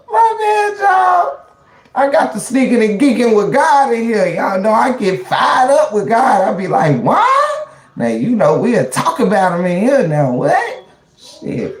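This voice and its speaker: A woman's voice: fairly high pitch, darkish tone, echoey room. A woman hosting a casual livestream, slangy and preachy, often exclaiming "child" and "Lord". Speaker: livestream host.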